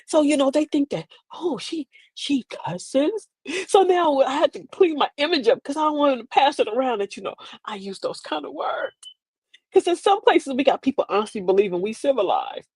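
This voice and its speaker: Her voice high, expressive and a little mellow, an older woman talks a little fast with no echo as she hosts a laid-back comedy storytelling session online. Sassy and preachy, she laughs her way through the side comments.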